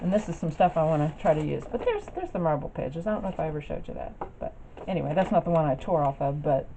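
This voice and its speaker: Low-pitched and creaky, her voice is very animated and quick. The craft vlogger chats in a rambling show-and-tell about the projects she holds up, with frequent fillers and restarts. Recording quality is dull and lo-fi, carrying faint noise.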